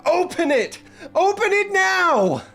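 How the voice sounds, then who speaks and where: Guy doing a high-pitched teen boy, yelling and defiant. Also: animated, slow, faint music behind. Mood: screaming. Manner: screaming, pleading. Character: desperate teenage boy, grieving and defiant.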